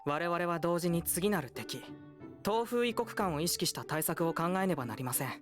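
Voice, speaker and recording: Woman voicing a game strategist, formal briefing tone, low voice, game music. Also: expressive, fast talker, natural voice. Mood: serious. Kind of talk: anime game voice acting.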